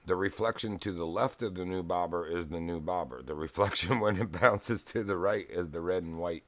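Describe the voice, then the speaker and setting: This is casual gaming-stream talk from a Virginian man playing a fishing game, his stories wandering and punctuated by frequent chuckles. He speaks at a normal speed in a low-pitched voice, recorded dry.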